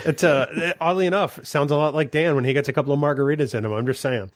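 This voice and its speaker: A man's voice: fairly high pitch, steady tone, dry recording. A man co-hosting a podcast, teasing his friends and taking his time with many fillers. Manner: teasing, unhurried, filler-heavy. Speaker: podcast co-host. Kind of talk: casual podcast chat.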